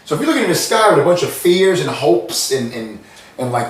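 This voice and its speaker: A man's voice: on the high side, big pitch swings, brisk. A man from the United States giving a meandering, repetitive spiritual monologue, restarting and circling back as he explains his ideas earnestly. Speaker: spiritual channel host. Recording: roomy sound, mic at a distance.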